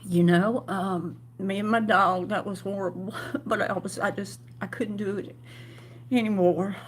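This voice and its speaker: Slow-talking emotional woman. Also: medium pitch, fairly even intonation, slight background noise. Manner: emotional, halting, with repeated restarts. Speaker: vlogger. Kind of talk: emotional personal vlog.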